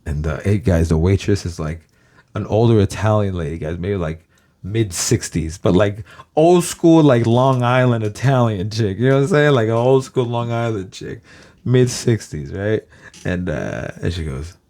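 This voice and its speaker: A man's voice: lowish voice, big pitch swings, normal speed, a little mellow. A man from Los Angeles, a YouTuber, rambling casually to his viewers, swearing constantly and calling them guys.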